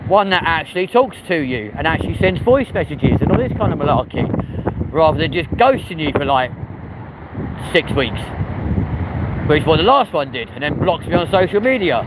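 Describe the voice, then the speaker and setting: A man's voice: on the high side, sing-song, moderate pace. A man with a London accent chatting in a rambling, cheeky way as he hosts a live stream while walking outdoors on a city street. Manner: chatty, rambling and cheeky, answers viewer comments. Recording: wind and street noise on the mic. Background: traffic and wind.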